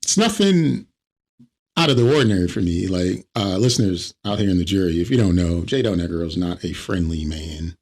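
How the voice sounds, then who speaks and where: Husky, animated man telling stories. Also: low voice, fairly quick. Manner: animated storytelling, mimics other people. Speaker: podcast co-host. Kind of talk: casual comedic chat.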